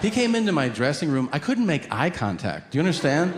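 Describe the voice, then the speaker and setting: On a comedy stage before a live audience, a male stand-up comedian animatedly tells stories, acting out voices and shouting his punchlines. His voice is a little high and brisk, and the live recording has roomy reverb and crowd noise.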